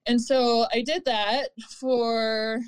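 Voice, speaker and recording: A woman in her thirties telling her own story in an interview, candid and earnest, pausing and restarting often. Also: on the high side, steady tone, smooth. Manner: halting, with frequent fillers and restarts. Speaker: interview guest.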